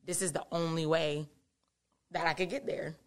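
A woman guest in a casual podcast chat, animated and giggly as she tells stories. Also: deep voice, moderate pace.

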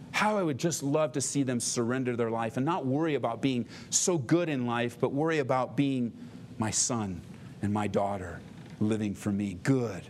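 A preacher voicing a tender, longing God. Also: male voice, medium pitch, a little hiss or hum, voice pushed down, lightly acted. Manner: soft, slow, yearning.

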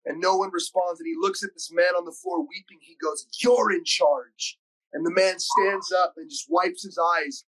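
High-voiced man telling an earnest story. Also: little pitch movement, fairly bright tone, poor audio. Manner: earnest, emotional, quick bursts when recounting. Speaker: podcast host and school preacher. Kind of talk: personal storytelling in conversation.

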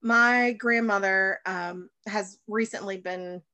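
A woman's voice: mid-range voice, steady tone, slow, bright, forceful tone, no echo. A woman in her thirties from the United States, a baker and chef, talking as a guest in a casual interview and rambling with many fillers and restarts.

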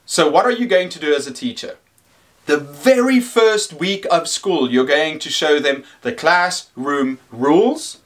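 A man in his thirties giving teaching tips in a measured, deliberate talk, shifting his pitch up and down to show what he means. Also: fairly bright tone. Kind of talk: instructional talk to camera.

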